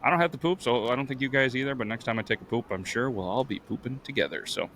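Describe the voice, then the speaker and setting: A man's voice: mid-range voice, fast, fairly bright tone, a little hiss or hum. A man hosting a podcast in casual, crude banter, joking and laughing often as he tells stories. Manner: joking, laughs a lot, acts out quoted voices. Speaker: podcast host.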